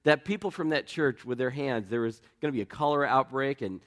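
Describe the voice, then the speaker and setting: A man preaching a sermon as pastor, in a conversational storytelling way with self-deprecating humor, getting lively as he tells anecdotes. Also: mid-range voice, a little fast. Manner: lively, rising when telling anecdotes.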